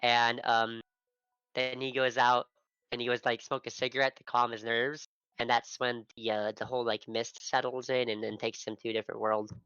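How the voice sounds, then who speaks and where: A man's voice: mid-range voice, little pitch movement, normal speed, sharp tone, clear, resonant tone, no room sound, highs cut off. A man chatting casually as a player, describing his character in a rambling, self-mocking way. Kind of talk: casual chat about a tabletop game.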